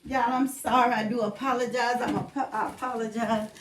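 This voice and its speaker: Hosting a casual livestream, a woman speaks at a moderate pace, addressing viewers by name in a chatty way. She has a somewhat high voice with a rough, creaky texture and shares her faith freely as she goes.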